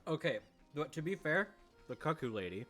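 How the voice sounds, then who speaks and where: A man's voice: on the high side, very animated, moderate pace, sharp tone, faint music behind. A man giving casual, wisecracking commentary while playing a video game, swearing freely. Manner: profane, wisecracking. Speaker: let's play gamer.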